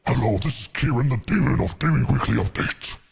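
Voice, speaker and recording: Gravelly, rasping male demon through a voice changer filter, rough and menacing. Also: medium pitch, brisk, heavily acted. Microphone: dynamic studio mic through a mixer.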